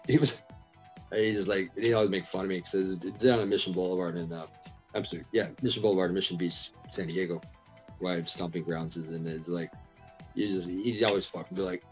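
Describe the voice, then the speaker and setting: A man's voice: sits low, fairly even intonation, fairly quick, soft background music. A middle-aged man chatting as a podcast guest, telling stories full of swearing and laughter. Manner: profane, laughing storyteller. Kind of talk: casual podcast chat.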